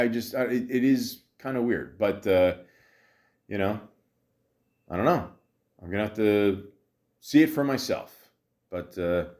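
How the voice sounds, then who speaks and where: This fairly low, darkish male voice belongs to a half-Italian, half-Greek podcast host talking about a movie on his own. It's casual, joking commentary that wanders, with plenty of swearing, fillers and false starts.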